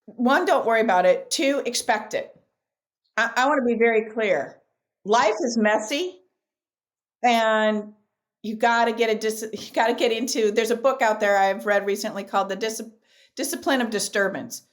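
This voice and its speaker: A middle-aged woman guest in a podcast interview, speaking emphatically and repeating key phrases, telling lively stories. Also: a little high, moderate pace. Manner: animated storyteller.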